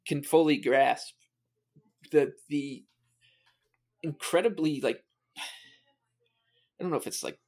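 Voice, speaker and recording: Guy co-hosting a sports podcast, slightly high voice, rambling and halting. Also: darkish tone. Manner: rambling, halting, many fillers. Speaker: podcast co-host. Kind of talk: casual sports podcast chat.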